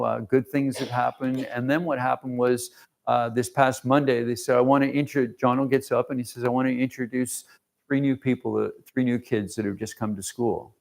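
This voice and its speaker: A man's voice: medium pitch, vocal fry. A man giving an informal, emotional mission report to a church congregation, rambling with fillers and restarts. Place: church sanctuary.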